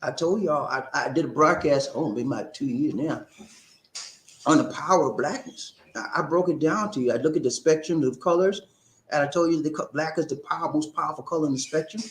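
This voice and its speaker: A man hosting a live-stream talk show, reading viewer comments and calling out shout-outs in an animated, preacher-like way. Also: a little high, fairly quick, echoey room, slight background noise.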